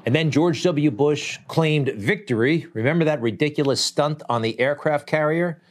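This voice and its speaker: In a voice that's a little high and at a moderate pace, a male political commentary host talks through a blunt, conversational monologue. It's an opinionated talk show piece loaded with rhetorical asides.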